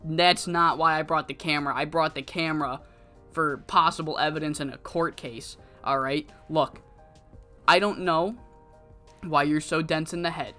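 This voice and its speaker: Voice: mid-range voice, fairly even intonation, moderate pace, bright, forceful tone, faint music behind, close to an everyday voice. A narrator doing a foul-mouthed disgusted female wrestler. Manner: profane, curt, dismissive.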